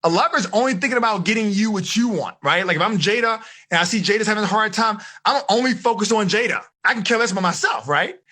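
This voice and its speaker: A man with a high, bright voice and a slightly husky edge coaches a room of teenagers. He talks with lots of energy, pushing them for high fives and answers, and acts out short scenes to make his points. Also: fast, few pauses. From United States. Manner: animated, coaxing the audience, acts out quoted voices. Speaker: life coach teaching a teen seminar. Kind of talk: energetic live seminar talk.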